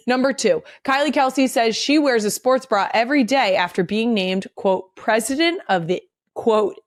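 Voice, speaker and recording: A woman's voice: fairly high pitch, measured pace, few pauses, dry recording, studio quality. A woman in her thirties hosting a podcast, talking candidly and bluntly with plenty of swearing. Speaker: podcast host. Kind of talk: casual podcast monologue.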